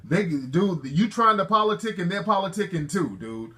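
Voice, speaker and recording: A man's voice: sits high, animated, moderate pace, sharp tone. Brash joking talk-show host, man. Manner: brash, joking, street slang, lecturing callers. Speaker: show host taking calls. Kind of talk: call-in talk show banter.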